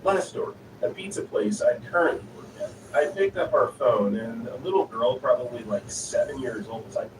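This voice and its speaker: A man reading online stories aloud in an even, unhurried narrating style. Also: medium pitch. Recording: echoey, distant voice with noisy ambience.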